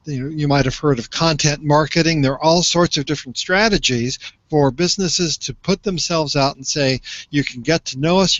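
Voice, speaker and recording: A man's voice: a little high, fairly bright tone, no echo. An older man explaining earnestly in a conversational discussion, telling a story to make his point. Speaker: social media commentator. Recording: slightly muffled lo-fi.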